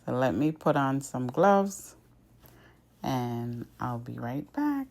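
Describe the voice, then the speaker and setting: A woman's voice: very deep voice, very animated, slow, pauses often, a little mellow. A woman hosting her own cooking channel, talking through each step in a chatty voice-over. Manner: chatty, step-by-step, starts lines with "so now". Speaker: home cook and channel host. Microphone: voice-over recorded apart from the video.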